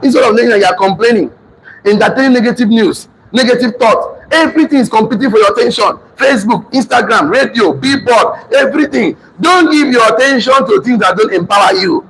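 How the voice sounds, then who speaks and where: A man's voice: extremely high pitch, brisk, noisy background. A man with a Nigerian accent giving a motivational class lecture, emphatic and repetitive, drilling his audience in call-and-response. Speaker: motivational teacher.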